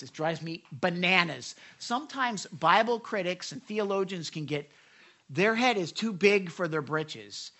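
A man's voice: high voice, lively intonation, measured pace, bright, forceful tone. A man preaching a sermon, talking conversationally, asking the congregation questions and acting out quoted voices. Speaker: pastor.

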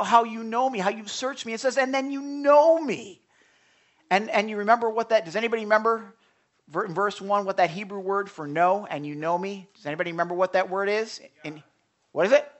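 Expressive preacher with hushed asides. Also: male voice, high voice. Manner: expressive, swings from loud emphasis to hushed near-whisper; asks the congregation questions, repeats and restarts words. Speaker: pastor. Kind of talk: sermon.

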